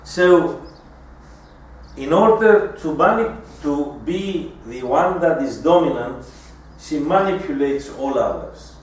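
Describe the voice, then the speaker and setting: A man giving a lecture in a deliberate style, often restarting his sentences. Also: on the high side, expressive. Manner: deliberate, with frequent restarts and fillers. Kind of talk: recorded lecture. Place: lecture room. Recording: echoey room, mic far off.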